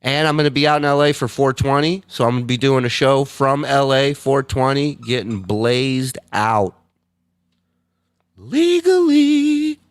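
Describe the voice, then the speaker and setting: A man's voice: steady tone, moderate pace, few pauses, clean tone, no room sound. Profane streamer man, dry close sound. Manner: loose and profane, jumps into loud high impressions. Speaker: livestream host reading viewer messages. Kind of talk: casual chat.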